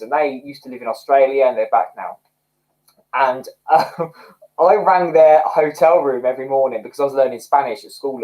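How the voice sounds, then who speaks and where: A man hosting a casual livestream, chatting excitedly with viewers and laughing often. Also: on the high side, poor audio. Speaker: livestream host. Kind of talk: casual livestream chat reading comments.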